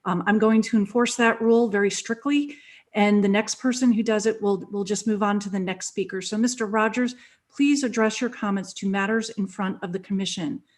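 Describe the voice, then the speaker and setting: A woman chairs a public meeting in a firm, procedural way. She insists speakers stay on topic. Her pitch sits in a middle range for a woman. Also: a little fast. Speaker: commission president.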